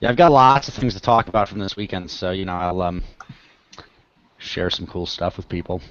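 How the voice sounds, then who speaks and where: A man's voice: sits low, a little fast, a bit bright. A man co-hosting a live online training, chatting in a laid-back, joking way. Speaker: co-host. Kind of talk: casual live webinar chat. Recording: dry, dull online call audio.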